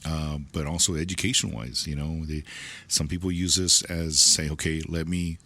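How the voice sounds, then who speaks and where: A man's voice: very deep voice, fairly even intonation, moderate pace, pushed and bright, no echo. A man, a dealership manager chatting as a guest in an interview, rambling with many restarts and fillers. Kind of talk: casual interview chat.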